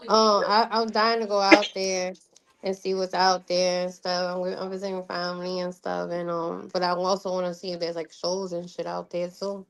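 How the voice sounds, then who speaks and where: A woman's voice: fairly low pitch, flat delivery, normal speed, vocal fry, a little hiss or hum. A woman with a thick Brooklyn New York accent, a musician guest talking candidly in slangy casual interview chat. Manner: candid, slangy, laughs often.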